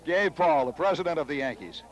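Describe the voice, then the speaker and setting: A man's voice: fairly high pitch, animated, a little fast, low-quality recording. A man interviewing players and executives on TV after a game, congratulatory and effusive. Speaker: sports broadcaster, interviewer. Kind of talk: postgame TV interview.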